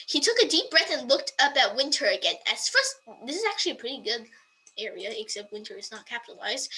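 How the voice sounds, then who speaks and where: Woman, high bright voice, very animated, carefully dictating a book, amused asides. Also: low-quality recording. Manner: slow, deliberate dictation broken by amused asides. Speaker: vlogger. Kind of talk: dictating a book excerpt to voice typing.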